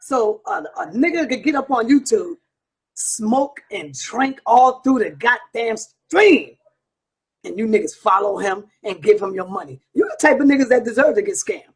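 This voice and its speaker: Very husky man ranting to his viewers. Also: high-pitched, animated, normal speed. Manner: profane, combative, preaching to viewers. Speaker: online show host. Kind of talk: heated ranting monologue.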